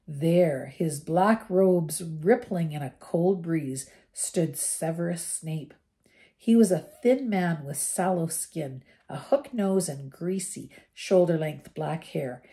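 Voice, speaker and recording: Older lady reading a chapter book out loud, mellow lowish voice, lively reading. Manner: expressive, warm-paced reading with small slips. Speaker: storyteller. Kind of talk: reading a children's novel aloud.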